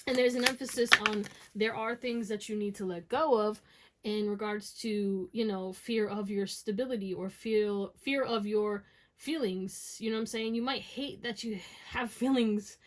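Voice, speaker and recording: A woman's voice: medium pitch, fairly even intonation, normal speed. A woman giving a casual pick-a-card tarot reading, talking straight to her viewers with lots of "okay?" and "you know what I'm saying?". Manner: slang-flavored, encouraging, talks to viewers as y'all. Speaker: tarot reader.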